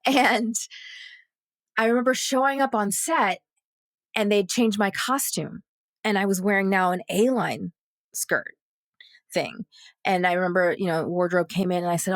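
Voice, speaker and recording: A woman, a guest actress on a podcast round table, telling a personal story in a lively way and acting out the other people's voices. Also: mid-range voice, normal speed, no echo, studio quality. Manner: animated, acts out quoted voices.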